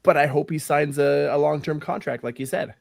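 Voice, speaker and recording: A man's voice: on the high side, brisk, gravelly, dry recording, studio quality. Opinionated man in casual sports talk. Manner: conversational, searches for words, opinionated. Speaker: podcast co-host.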